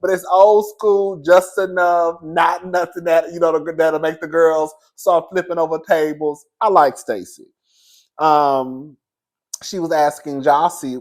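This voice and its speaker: A man's voice: a little high, slow. Sassy, chatty man reviewing reality TV. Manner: sassy, chatty, laughs often, calls viewers "girl" and "baby". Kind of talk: casual commentary.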